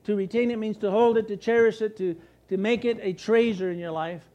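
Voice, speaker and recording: A middle-aged American pastor preaching with a raised, high-pitched voice. He fires off questions and answers them himself, and he slips into anxious little voices to make his points. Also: brisk, dull audio. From United States. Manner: animated, asks and answers his own questions, acts out worried voices. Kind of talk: sermon.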